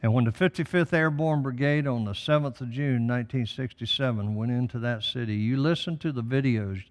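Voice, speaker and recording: A man's voice: medium pitch, a little fast, big-room sound. An older man, a guest on a talk show, speaking with emphatic, preacherly conviction about faith and prophecy. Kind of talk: impassioned religious talk.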